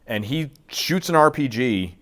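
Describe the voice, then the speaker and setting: A man's voice: mid-range voice, lively intonation, a little slow, fairly bright tone. A middle-aged man telling a war story in a casual interview, acting out quotes and swearing freely. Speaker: guest, military veteran.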